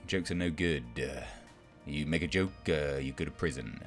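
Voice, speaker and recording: A deep-voiced man delivers a sarcastic, exasperated rant as a commentator, mocking and scoffing as he goes. Faint music sits quietly behind his voice. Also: normal speed. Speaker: YouTube film commentator. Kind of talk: ranting commentary.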